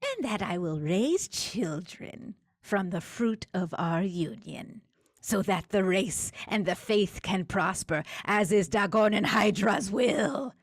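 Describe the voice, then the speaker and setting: A woman's voice: mid-range voice, lively intonation, takes it slowly, no room sound, studio quality. A woman voicing a malformed sea creature that poses as a human, with a tinny yet guttural voice. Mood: solemn.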